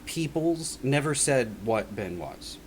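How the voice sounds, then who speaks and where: Rambling earnestly through a personal testimony, a man speaks in a casual monologue full of "like" and "right?". He has a mid-range, sing-song voice and talks slowly, with some hiss or hum in the background.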